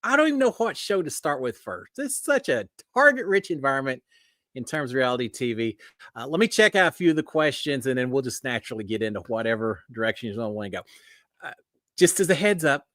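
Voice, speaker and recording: A man's voice: mid-range voice, fairly bright tone, no room sound, studio quality. A middle-aged man with a Texan accent hosting a casual live stream, folksy and upbeat as he greets viewers by name. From Texas. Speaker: host of a live reality TV chat stream.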